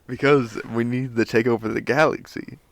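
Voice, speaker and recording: A man's voice: medium pitch, fairly even intonation, moderate pace, creaky, no echo. A young man co-hosting a podcast in slangy, goofy casual chat, tipsy and saying bro a lot. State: intoxicated. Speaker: podcast co-host.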